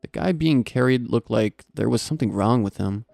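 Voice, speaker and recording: A man calmly narrating a scary story in a steady, low-key storytelling manner, close to the mic. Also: moderate pace, gravelly, no room sound, soft background music. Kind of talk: scripted horror story narration.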